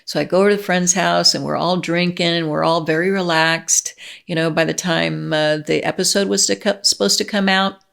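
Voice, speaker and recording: A middle-aged woman talking straight to her viewers with gushing enthusiasm. Her voice sits fairly low and has a gravelly fry. She laughs often and restarts her sentences as she goes. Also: steady tone, moderate pace, a bit bright. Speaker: vlogger. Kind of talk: casual chat to camera.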